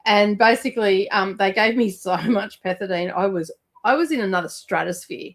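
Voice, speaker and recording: A woman's voice: medium pitch, normal speed. A woman, telling stories in casual chat as a host, swearing freely and laughing as she talks. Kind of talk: casual livestream storytelling.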